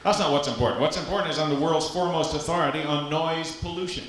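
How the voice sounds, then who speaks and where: A man from Louisiana doing live stand-up comedy on a club stage, with a punchy, animated delivery and vocal sound effects. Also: fairly high pitch, quick pace, a little hiss or hum. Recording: echoey live club recording. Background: audience laughter.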